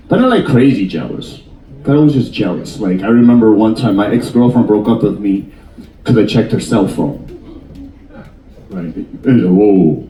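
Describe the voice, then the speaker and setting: A man in his fifties doing stand-up comedy and crowd work, teasing the audience in an animated, jokey way. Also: lowish voice, echoey room, recorded from a distance, poor audio. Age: 50s. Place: cruise ship theater.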